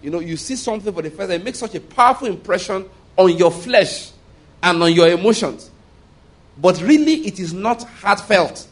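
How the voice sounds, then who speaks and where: A man's voice: high-pitched, lively intonation, a little fast. A man preaching a sermon in church, stressing key words and asking the congregation to answer "amen". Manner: emphatic, calls for congregation responses. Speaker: pastor.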